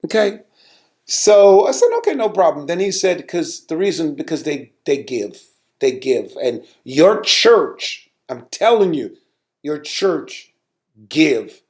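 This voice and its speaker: A middle-aged male pastor from the United States tells a personal story in a lively, animated podcast talk. His voice sits a little high for a man, and he repeats words and climbs sharply in pitch when he recalls his anger. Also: slow.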